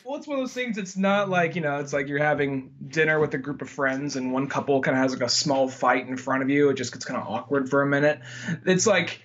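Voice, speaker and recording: Bright-voiced man recapping a movie. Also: mid-range voice, lo-fi sound. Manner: acts out movie scenes in quick mimicked voices. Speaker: podcast co-host. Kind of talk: casual movie discussion.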